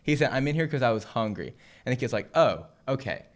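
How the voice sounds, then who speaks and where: A man's voice: medium pitch, expressive, quick pace. Young male podcast co-host, storyteller who laughs and acts out his characters, from Southern California. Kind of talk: casual storytelling.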